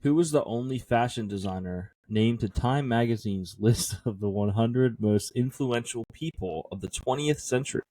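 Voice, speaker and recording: A man co-hosting a podcast, reading trivia questions aloud in a casual chat, laughing often and thinking out loud over the answers. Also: mid-range voice, moderate pace, hardly any pauses, no room sound.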